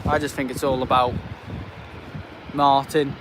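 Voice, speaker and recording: A man's voice: medium pitch, little pitch movement, measured pace, background noise. A man chatting loosely on a live stream from an airport viewing park, rambling, laughing and reading out his chat. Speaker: planespotting livestreamer. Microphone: handheld tablet.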